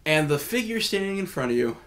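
A man's voice: a little high, very animated, quick pace, a bit bright. A man narrating a tabletop game as game master, describing scenes in a casual, laid-back way.

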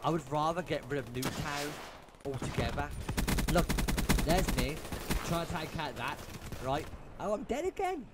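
A young man rants through his match replay as a gaming YouTuber, exasperated and cursing. His fairly high voice is very animated, keeps a normal speed and pauses often, while loud game gunfire and shots make the clip very noisy.

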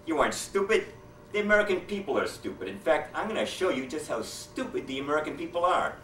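A man's voice: a little high, lively intonation, fast talker, bright, forceful tone, slight background noise, voice pushed up. Man doing a smug brash politician, middle-aged, bouncy delivery, roomy hall. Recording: roomy hall, mic at a distance.

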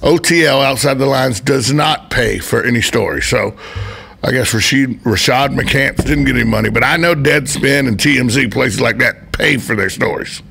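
A man's voice: mid-range voice, moderate pace, creaky, bright, forceful tone, a little hiss or hum. A man hosting a sports radio show in a studio, chatting casually and joking with a co-host. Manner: chatty, joking, rambling asides.

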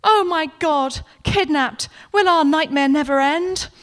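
A woman's voice: high voice, unhurried, fairly bright tone, voice pushed up. A British woman reading aloud and voicing a young would-be actress who declaims in a mournful, melodramatic way. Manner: melodramatic, mournful stage delivery.

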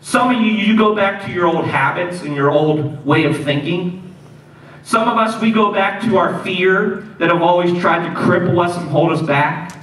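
A man preaching a sermon as pastor, telling stories in an animated way and repeating key lines for emphasis. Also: high voice, moderate pace. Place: church sanctuary. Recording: echoey church hall, mic at a distance.

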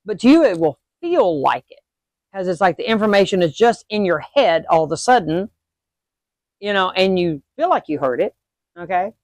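Lady teaching witchy stuff, chatty, keeps saying okay, gets animated, mid pitch, dry sound. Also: normal speed, no echo. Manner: chatty, checks in with "okay?" and "all right?" often; animated when acting out sudden emotions. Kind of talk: casual instructional talk.

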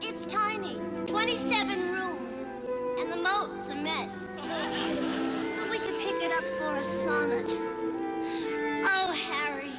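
A woman's voice: extremely high pitch, slow pace, pauses often, loud music behind the voice. An actress playing an eager young lady in love, singing sweetly and pleadingly in a musical-theater style. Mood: chatty. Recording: old TV broadcast with loud orchestra.

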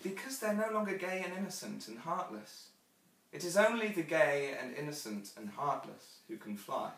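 A man voicing Wendy, a gentle, wistful grown-up mother, speaking softly and tenderly in a hushed voice. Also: a little high, very animated, moderate pace. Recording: echoey room, from far off.

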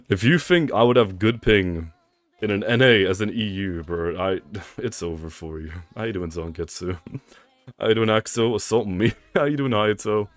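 A playful young Englishman streams a game, joking with his chat in a low voice that leaps all over the place. It's a close, dry mic with faint game music under him. He trash-talks and laughs between bits of commentary. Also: dry recording. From England. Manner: playful trash talk, laughs a lot, reads chat aloud. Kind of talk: live gameplay commentary.

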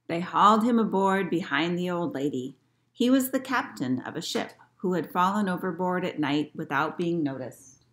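A woman librarian reading a picture book aloud to children in an expressive storytelling manner. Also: on the low side.

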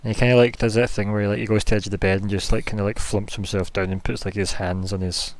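A man's voice: on the low side, flat delivery, quick pace, dry recording. A man narrating as game master of a tabletop game, rambling with lots of fillers. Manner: rambling, full of "kinda, like" fillers.

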